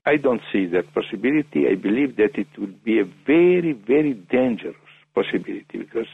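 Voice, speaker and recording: Gravelly man on a tinny phone line. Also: mid-range voice, animated, a little fast, no echo. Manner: hesitant, many fillers and restarts. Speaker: interview guest. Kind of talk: phone interview.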